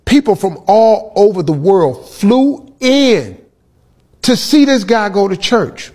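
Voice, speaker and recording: Animated, husky-voiced man telling a story. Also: high-pitched, slow pace. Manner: animated, loud bursts, laughing at his own punchlines. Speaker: comedian. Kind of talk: comic storytelling.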